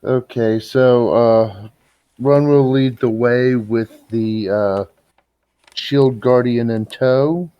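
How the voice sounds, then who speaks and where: Man player, very slow and mellow, dull and dry recording. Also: medium pitch, fairly even intonation, clear, resonant tone, dry recording. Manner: slow and hesitant, many fillers. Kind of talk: playing a tabletop game.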